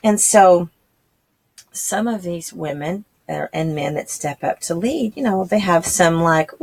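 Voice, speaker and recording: A woman's voice: lowish voice, measured pace, husky. A woman, talking casually and chattily to homeschooling parents, acting out quoted voices as she explains. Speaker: homeschool channel host.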